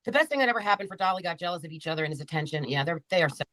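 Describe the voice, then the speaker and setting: A woman's voice: fairly low pitch, lively intonation, racing, a bit bright, dry recording. A woman on a livestream, angrily ranting and taunting viewers by name with heavy profanity. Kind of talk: angry livestream rant.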